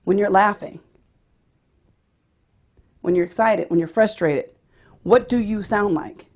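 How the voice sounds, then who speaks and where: A woman's voice: mid-range voice, slow pace, darkish tone. A woman teaching a vocal pedagogy workshop, explaining how she picks registration and demonstrating different voices.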